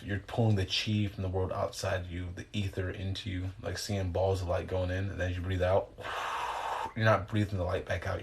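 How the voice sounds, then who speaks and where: Deep-voiced man rambling on a livestream. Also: creaky, a little hiss or hum. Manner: rambling, loose and slangy, with mild swearing. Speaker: livestreamer answering viewer questions. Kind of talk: casual livestream chat and guided breathing instruction. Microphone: phone.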